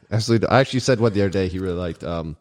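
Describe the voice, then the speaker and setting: Guy on a podcast, kinda low voice, rambly jokes, laughs a lot. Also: fast talker, a little mellow, dry recording, clean studio sound. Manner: joking, rambling, laughs often. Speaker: podcast co-host. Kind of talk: casual podcast banter.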